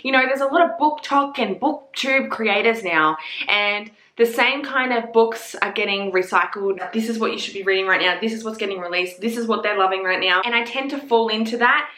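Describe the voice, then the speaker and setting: A woman's voice: a little high, fairly quick, sharp tone. A woman, chatting casually as a book reviewer, gushing and swearing freely. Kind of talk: casual chat. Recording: echoey room.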